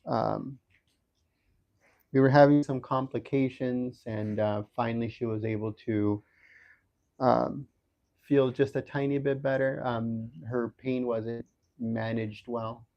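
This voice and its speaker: A man giving a casual livestream update from a hospital room, talking haltingly with many fillers and restarts. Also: medium pitch, steady tone, highs cut off. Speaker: livestream host updating viewers.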